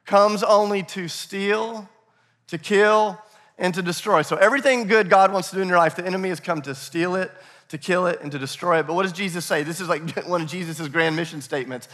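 A male pastor preaching with energy, his voice sitting a little high for a man. He keeps repeating key phrases for emphasis and prompts the congregation to call out answers. The sound rings out with a long hall reverb, like a recording from a big church sanctuary. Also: fast talker, a bit bright. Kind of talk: sermon.

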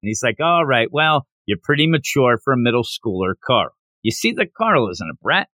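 A man from the United States in casual chat, animatedly recapping a story and slipping into quick character voices. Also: mid-range voice, very animated, sharp tone, no room sound, clean studio sound. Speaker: podcast co-host.

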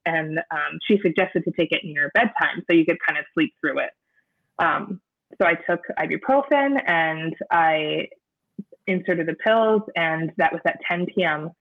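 Speaking in a deep voice, a woman being interviewed recounts a personal experience haltingly, often restarting as she hunts for words. The audio is narrow and phone-like.

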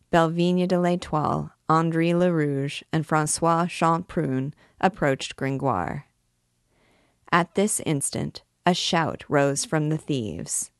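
A woman narrating a classic novel as an audiobook, in a measured, even storytelling manner. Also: deep voice, smooth, no echo, clean studio sound.

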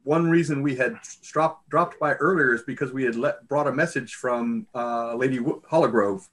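A man at a tabletop game plays his healer in a polite, formal manner. His voice is slightly husky, at a middling pitch. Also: moderate pace, a bit bright. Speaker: player. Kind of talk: in-character role-play.

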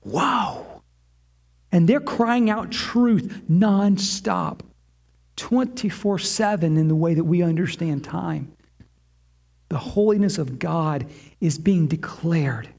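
A man's voice: fairly high pitch, darkish tone. A man preaching a sermon to his church, impassioned and given to repeating phrases in a chanting rhythm. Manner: impassioned, repetitive chanting cadence. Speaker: pastor.

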